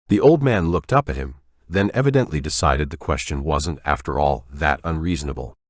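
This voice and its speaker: A male audiobook narrator reads in a measured, even storytelling manner. His voice is extremely deep. The close studio mic leaves the sound dry, with no room around it. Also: no room sound. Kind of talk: scripted narration.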